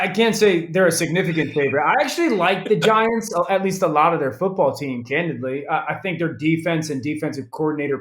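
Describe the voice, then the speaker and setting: A man in his thirties, a football analyst as guest, talking in a lively casual way with frequent restarts. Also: on the high side, reverberant. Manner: animated, restarts often. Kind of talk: casual interview talk.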